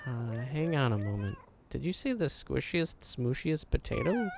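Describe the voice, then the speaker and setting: A man's voice: medium pitch, lively intonation, moderate pace, creaky, background noise. A man voicing a wry, polite little cat. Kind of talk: reading game dialogue aloud.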